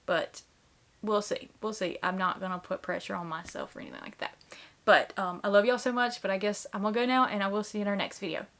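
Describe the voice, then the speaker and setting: A woman in her thirties chats straight to the camera like a vlogger, earnest and open. Her pitch sits in an ordinary middle range. She leans on "like" and other fillers as she talks. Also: steady tone, fast talker, fairly bright tone. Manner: chatty, earnest, lots of filler "like". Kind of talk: casual chat to camera.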